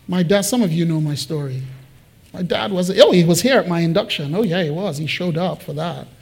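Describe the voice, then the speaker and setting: A man preaching a sermon as pastor, asking the congregation questions and moving between loud emphasis and quiet personal confiding. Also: fairly high pitch, fairly quick, gravelly, husky.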